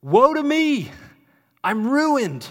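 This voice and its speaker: A man preaching who voices an anguished male prophet crying out in despair, pitched high and loud. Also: a little slow, close to an everyday voice. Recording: long reverb of a large hall.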